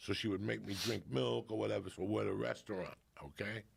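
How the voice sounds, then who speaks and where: A man's voice: on the low side, fairly even intonation, fast, creaky, breathy edge. A middle-aged man with a Cuban family background, telling a profane, comic story and acting out his relatives as a podcast guest. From Cuban family in New Jersey. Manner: swears constantly, acts out family members mid-story.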